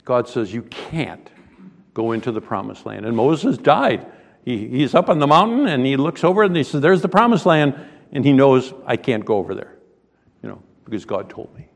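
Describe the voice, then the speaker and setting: Gravelly preacher in a reverberant hall. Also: male voice, big pitch swings, normal speed. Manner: reads scripture then preaches with sudden loud, high outbursts. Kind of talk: sermon.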